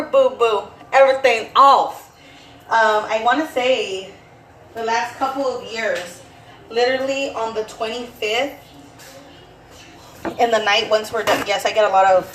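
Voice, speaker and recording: A woman in her thirties, a mother vlogging at home in a casual, animated chat, slipping in Spanish phrases now and then. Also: medium pitch, echoey room, noisy background.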